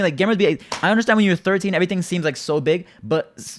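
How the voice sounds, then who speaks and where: Fast-talking young man ranting to chat. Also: sits high, slight background noise. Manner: exasperated, rambling, peppered with "bro" and "like". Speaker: streamer. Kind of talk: casual reaction rant to chat.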